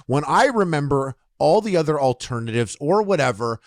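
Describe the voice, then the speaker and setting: A man's voice: on the high side, sing-song, moderate pace, no echo, studio quality. A man hosting a podcast, telling rambling anecdotes full of fillers in casual chat. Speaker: podcast host.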